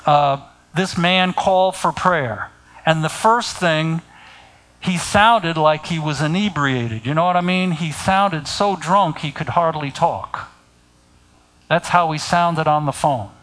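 A middle-aged man preaching a sermon, speaking deliberately and pointing his listeners to scripture. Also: fairly high pitch, a bit bright, low-quality recording.

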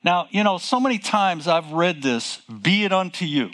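A man preaching a sermon, asking rhetorical questions, repeating phrases and exclaiming with excitement. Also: high-pitched, normal speed. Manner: asks rhetorical questions to the listeners.

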